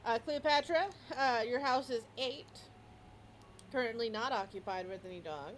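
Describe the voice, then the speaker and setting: Upbeat woman game master, bit high, narrating. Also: normal speed, a little hiss or hum, poor audio. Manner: lively, stumbling narration with frequent restarts.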